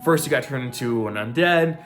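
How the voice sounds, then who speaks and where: A man's voice: medium pitch, a little fast, fairly bright tone, faint music behind, close to an everyday voice. A man doing a blunt, puzzled young woman.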